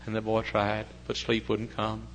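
An older man preaching a sermon, swinging from quiet talk to loud, impassioned preaching, with folksy chatty asides. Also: on the low side, completely flat delivery, unhurried, a little hiss or hum, poor audio.

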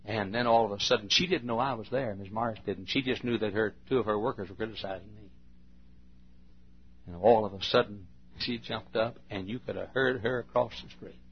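An older male pastor tells his sermon like a folksy story, dropping to a hush and then breaking out loud. His voice is husky. The recording is dull and lo-fi, like an old archival tape. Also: on the low side, a little fast. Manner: folksy storytelling, swings from hushed to loud bursts.

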